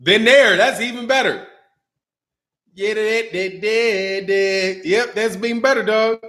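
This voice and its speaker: A man's voice: high-pitched, slow pace, bright, forceful tone. A man hosting a boxing channel, chatting casually on a livestream. He talks in slang, laughs often and rambles. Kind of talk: casual livestream chat reading super chats.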